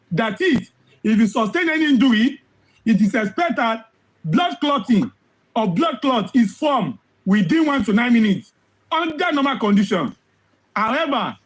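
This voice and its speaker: High-voiced hoarse man ranting. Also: rough recording. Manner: emphatic, rhetorical questions, repeats phrases. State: hoarse, losing his voice. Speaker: social commentator. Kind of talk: impassioned commentary.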